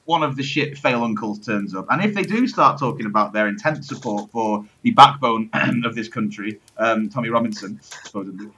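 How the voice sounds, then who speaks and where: A man's voice: fairly low pitch, moderate pace, few pauses, bright, forceful tone, breathy edge, low-quality recording. A young man chatting casually, rambling with many ums, restarts and swearing. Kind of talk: casual chat.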